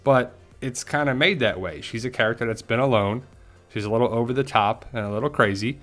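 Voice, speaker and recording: Regular-pitched guy doing a chatty episode breakdown, acts out the lines. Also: fairly quick, faint music behind. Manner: chatty, animated, acts out quotes. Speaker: TV show commentator. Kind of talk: casual recap and theory commentary.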